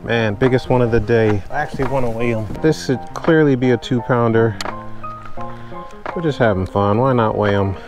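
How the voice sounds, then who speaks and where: A man narrates his fishing trip from a kayak in a downpour, speaking in an ordinary mid-pitched voice to a camera mounted on the boat. He is chatty and loose, addresses his viewers directly, and lights up with excitement whenever a fish bites. Faint music plays softly behind him. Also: moderate pace. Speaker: fishing vlogger. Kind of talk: casual on-the-water commentary. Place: outdoors on a kayak on a lake in pouring rain.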